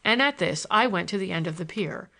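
A woman reading a novel aloud as an audiobook narrator, in an even, measured way. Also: on the low side, vocal fry.

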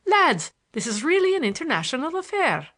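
A woman reading aloud puts on a lively, mocking young man whose voice jumps high as he taunts his enemies. He is boisterous and carefree in a storybook tale. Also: fairly quick. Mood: amused.

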